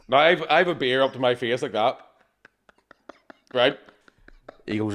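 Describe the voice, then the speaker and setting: A man's voice: medium pitch, expressive, a little slow, long pauses. An Irish man telling a rowdy story in casual chat, swearing constantly, tagging lines with "right?" and acting out other people's voices. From Ireland. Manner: swears constantly, keeps asking "right?", acts out quoted voices. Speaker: podcast co-host telling a story.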